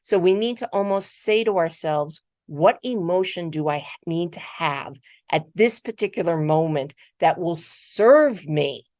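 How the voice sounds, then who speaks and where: Low-voiced woman giving a motivational talk. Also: unhurried, few pauses, no room sound, clean studio sound. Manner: conversational, animated, repeats words while telling a story. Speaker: keynote speaker. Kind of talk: motivational talk with personal storytelling. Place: virtual conference talk.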